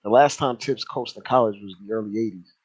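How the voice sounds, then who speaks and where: A man co-hosting a casual sports podcast, making his points in measured tones. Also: on the low side, darkish tone, slightly rough, no echo, poor audio. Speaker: podcast co-host.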